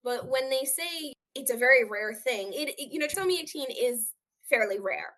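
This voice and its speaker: Woman, fairly high voice, earnest, candid storytelling, interview guest. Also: animated, moderate pace, fairly bright tone. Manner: earnest, acts out quoted voices.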